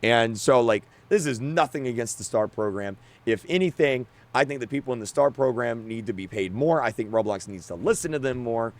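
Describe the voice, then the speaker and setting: A man's voice: mid-range voice, a little fast, hardly any pauses. A young man, a game creator, giving a frustrated, emotional rant that is full of restarts and stammers. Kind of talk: on-camera rant.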